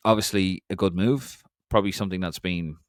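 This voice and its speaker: A man's voice: brisk, no echo, clean studio sound. An Irish man co-hosting a casual football podcast, chatting and reading out listener comments. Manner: animated, jumps in pitch, reads out listener comments. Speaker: podcast co-host.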